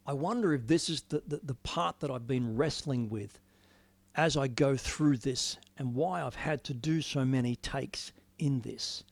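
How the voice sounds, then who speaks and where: A man giving an earnest, reflective sermon, moving from hushed musing to emphatic declarations. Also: medium pitch, measured pace, gravelly, dry recording. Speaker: preacher. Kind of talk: informal sermon, devotional talk.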